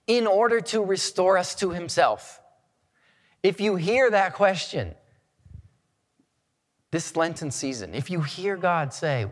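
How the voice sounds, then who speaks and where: A man preaches in a slow, deliberate sermon, his fairly high voice swinging widely in pitch as he stresses key words. The sound carries a long reverb, like a large church hall. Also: animated. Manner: earnest, measured preaching with emphatic rises. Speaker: pastor.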